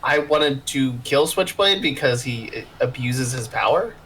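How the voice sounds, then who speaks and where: A man's voice: medium pitch, animated, measured pace, fairly bright tone, breathy edge, poor audio. A man playing in a tabletop game, defensive and chatty. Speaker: player.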